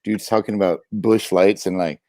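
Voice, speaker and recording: A man's voice: sits low, steady tone, moderate pace, warm tone, no echo. A man playing as a contestant in a casual online quiz, talking over a video call, rambling and swearing and often trailing off. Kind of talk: casual chat.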